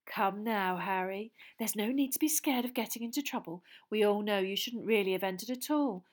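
A woman doing a brisk prying gossip reporter. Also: medium pitch, lightly acted. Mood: pushy. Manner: pushy, talks over others.

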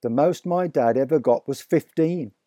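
A man reading aloud, voicing an excitable father in a children's storybook who exclaims in wonder. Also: a little high, moderate pace, no echo, clean studio sound, close to an everyday voice. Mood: awed. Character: excitable delighted adult father.

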